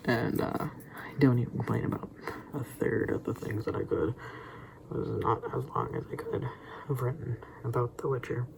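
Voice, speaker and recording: Steady background noise runs beneath a young man's gravelly, mid-range voice as he vlogs at a normal speed. His monologue is loose and rambling, with stammered restarts and whispered asides.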